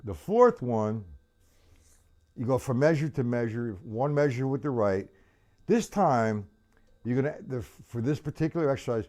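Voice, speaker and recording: A man's voice: medium pitch, lively intonation, moderate pace, over loud music. A man teaching a live-streamed drum lesson, chatty and loose, counting beats aloud while he plays. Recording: loud drum kit playing behind voice. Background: drum kit playing.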